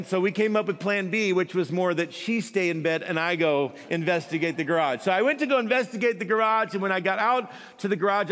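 High-voiced pastor telling a funny story. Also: male voice, a bit bright, long reverb tail. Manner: humorous, self-mocking storyteller with laughs. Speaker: guest pastor. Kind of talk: storytelling sermon.

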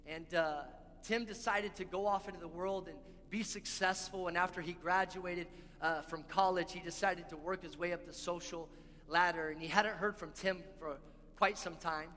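Bright high-voiced preacher in echoing hall. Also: male voice, fairly even intonation, normal speed, a little hiss or hum. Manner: earnest, repeats key lines for emphasis. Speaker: pastor. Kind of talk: sermon. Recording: long hall reverb with faint music.

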